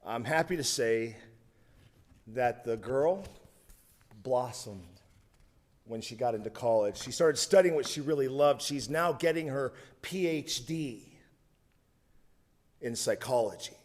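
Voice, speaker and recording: A man's voice: mid-range voice, animated, slow, long pauses, darkish tone. A man preaching a sermon, telling a humorous story with asides. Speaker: pastor.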